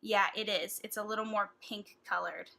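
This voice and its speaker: Bright-voiced, gushing woman beauty vlogger. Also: medium pitch, moderate pace. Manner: gushing, excitable, breathy gasps. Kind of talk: casual makeup swatching vlog.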